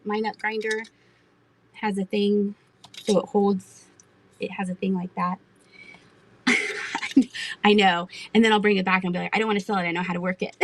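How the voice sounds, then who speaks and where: A woman's voice: on the high side, husky, rough recording. A middle-aged woman hosting a live online auction, chatting and giggling with viewers as she shows vintage items. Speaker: live-stream auction seller. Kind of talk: casual live-selling chat.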